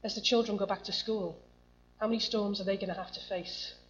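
The muffled lo-fi recording, carrying a faint hum, captures a woman preaching a sermon. With a mid-range voice, fairly even intonation and a brisk pace, she reads scripture and questions the congregation conversationally.

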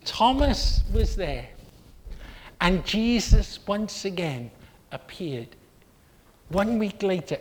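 A preacher giving an earnest sermon, telling a story with steady repetition. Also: mid-range voice, a little hiss or hum.

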